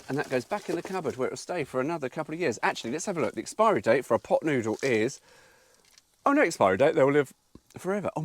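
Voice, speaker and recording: A man's voice: fairly high pitch, slight background noise. A man chatting casually to camera while cooking in his campervan, sweary and chatty, sounding tired. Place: inside a campervan. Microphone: camera mic.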